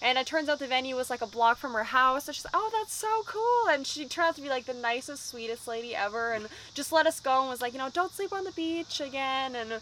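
A woman's voice: high-pitched, fast talker, few pauses, slight background noise, rough recording. A young woman, a band vocalist, chatting casually in an interview and acting out the people in her stories. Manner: lively storyteller, acts out quotes.

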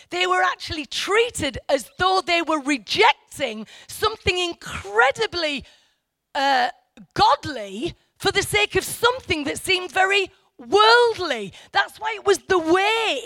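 A woman's voice: sits high, fairly bright tone, dry recording. A woman giving informal Bible teaching to a church group, rambling and correcting herself with asides to her listeners.

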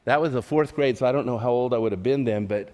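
Earnest pastor in a reverberant hall. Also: male voice, medium pitch, fast talker, darkish tone. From California. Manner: earnest, repeats words, asks the listeners questions. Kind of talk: sermon. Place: church service.

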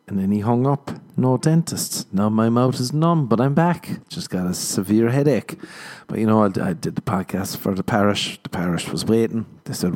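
A man's voice: lowish voice, moderate pace, hardly any pauses, a little mellow. An Irish man hosting a solo comedy podcast, telling rambling self-mocking stories and acting out the dialogue. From Ireland. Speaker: podcast host.

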